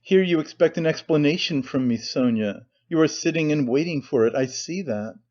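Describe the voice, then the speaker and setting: A man's voice: fairly high pitch, animated, moderate pace, darkish tone, close to an everyday voice. A man playing a bitter, tormented young man who speaks wearily and breaks into despair, in a slightly muffled recording. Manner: weary, brooding, bursts of despair.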